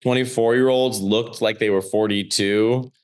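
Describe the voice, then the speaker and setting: A man in his thirties with a Chicago accent and a somewhat low voice chats as a podcast guest. He tells his stories in an animated, rambling way, full of "like"s. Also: moderate pace, clear, resonant tone. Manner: animated storyteller, many "like" fillers. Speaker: comedian guest. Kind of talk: casual podcast chat.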